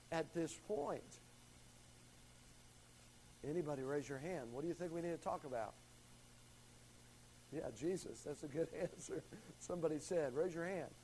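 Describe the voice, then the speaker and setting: A man's voice: on the high side, darkish tone, slight background noise, rough recording. A man teaching a Bible study class, calling on students and stressing key words as he explains a verse. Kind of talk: classroom Bible lesson with questions.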